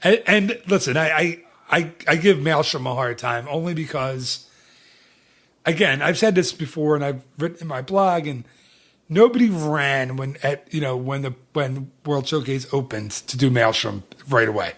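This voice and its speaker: A man's voice: fairly high pitch, moderate pace, a bit bright. A man hosting a podcast in casual chat, rambling and teasing, with many restarts. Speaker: podcast host.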